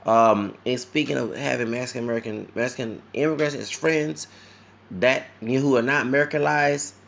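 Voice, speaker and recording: A tired man from Louisiana with a Louisiana accent, talking fast and rambling in an opinionated livestream monologue. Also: medium pitch, vocal fry, a bit bright. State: tired, sleepy. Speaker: vlogger.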